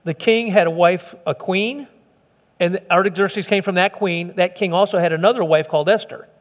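A middle-aged male pastor with a notably high voice delivers a folksy, earnest sermon, often restarting his sentences. The sound carries a long reverb from a church hall. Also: moderate pace.

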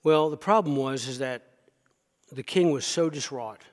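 A man's voice: medium pitch, normal speed. Emphatic male preacher, reverberant hall. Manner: emphatic storytelling, talks directly to the congregation. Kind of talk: sermon.

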